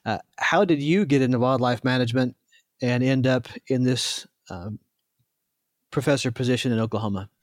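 A man with a Southern US accent from northern Arkansas, hosting a podcast interview in a thoughtful way with many pauses. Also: medium pitch, no echo, studio quality. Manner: relaxed, thoughtful, with frequent pauses and fillers. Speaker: podcast host.

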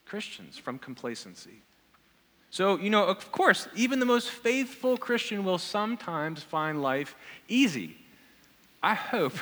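Male pastor, earnest sermon delivery with searching questions; bright, slightly high voice in a reverberant hall. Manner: earnest, asks the congregation repeated questions. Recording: long reverb of a large hall.

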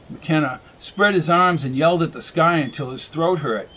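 A man narrating a science fiction audiobook with steady, measured storytelling. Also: fairly high pitch, rough recording. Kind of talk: scripted narration.

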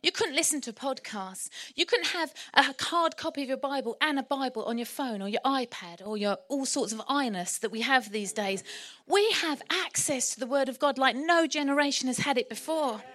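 A woman preaching a sermon in church, lively and humorous. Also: sits high, normal speed, few pauses. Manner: lively, humorous and animated, often laughing.

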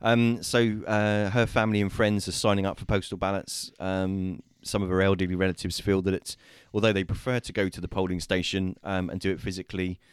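A man hosting a casual discussion show over a remote call, talking with many pauses, fillers and restarts. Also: low voice, level tone, smooth, dry recording, studio quality. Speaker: host.

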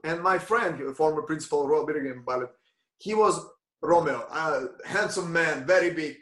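A man, a ballet dancer, telling stories in a lively, conversational way, laughing often and acting out the lines of other people. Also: fairly high pitch, moderate pace. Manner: animated, acts out quoted lines, frequent laughs. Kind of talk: conversational storytelling. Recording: roomy echo.

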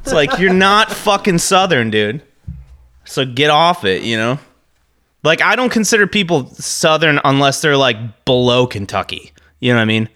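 Man from the midwest, podcast co-host, bright voice, profane, rants and laughs. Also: fairly high pitch, lively intonation, normal speed. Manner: profane, ranting, laughs often. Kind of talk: casual podcast chat.

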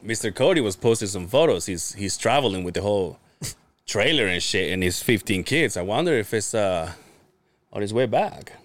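A man's voice: on the low side, animated, normal speed, no echo. A man co-hosting a podcast, telling profane work stories in casual chat and laughing often. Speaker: podcast co-host.

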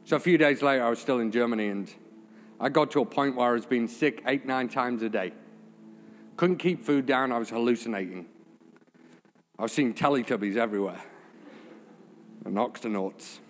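A man's voice: medium pitch, moderate pace, long pauses. A man preaching a sermon, telling a personal story in an informal, earnest way. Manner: informal, jokey asides, then earnest and emotional. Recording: reverberant church hall with faint music.

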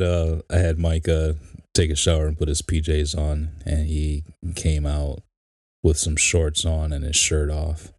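A man's voice: a bass voice, darkish tone, no echo, clean studio sound. A man co-hosting a casual, joking podcast chat about family life. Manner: laid-back, joking, drawn-out delivery. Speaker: podcast co-host.

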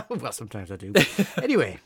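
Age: adult. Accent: Geordie. Sex: man. Style: casual podcast co-host, playful and teasing. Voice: animated, swinging pitch. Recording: dry, close. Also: fairly quick, slightly rough, no room sound. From northeast England. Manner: playful, teasing, laughs often.

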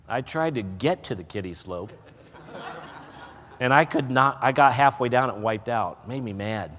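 A man's voice: lowish voice, unhurried. Preaching man in a reverberant church. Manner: folksy storytelling that builds to loud preaching. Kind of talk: sermon with personal story. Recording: hall reverb.

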